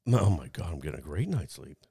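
A man's voice: rumbling low, big pitch swings, fast talker, creaky, mellow, breathy edge, no room sound, clean studio sound. A man in his fifties telling a personal story in casual chat, rambling with frequent restarts and laughing at himself. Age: 50s.

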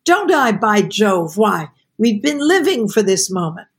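A woman voicing an excited young male officer who stammers, read from a novel. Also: medium pitch, unhurried, husky, full character voice.

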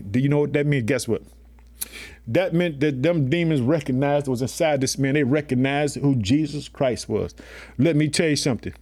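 A man with a medium-pitched, slightly mellow voice preaches a sermon at normal speed. His delivery is colloquial and emphatic; he calls his listeners family and keeps saying "guess what" and "let me tell you something."

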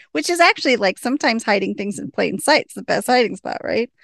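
Chatty woman with a gravelly edge. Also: on the high side, normal speed, no echo, studio quality. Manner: animated, laughs often, acts out lines. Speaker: podcast host recapping a TV episode. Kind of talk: casual chat.

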